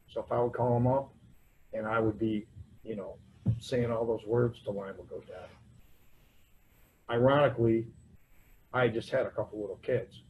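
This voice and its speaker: A man's voice: medium pitch, fairly even intonation, moderate pace, pauses often, darkish tone, a little hiss or hum, rough recording. A man speaking at a recovery convention, sharing his personal story in a loose, self-mocking way. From United States. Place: convention hall.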